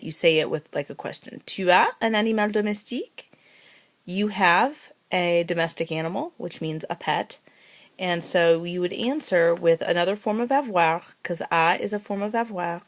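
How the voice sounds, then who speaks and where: A woman teaching a recorded language lesson, who says phrases slowly, repeats them and spells words letter by letter. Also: fairly low pitch. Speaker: French teacher.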